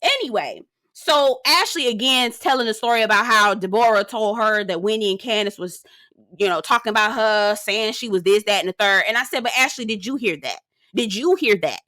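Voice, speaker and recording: A woman with a mid-range, pushed and bright voice delivers a fairly quick, sassy and profane rant recapping a reality TV episode. She talks emphatically and mimics the cast members, and the studio recording is clean with no echo.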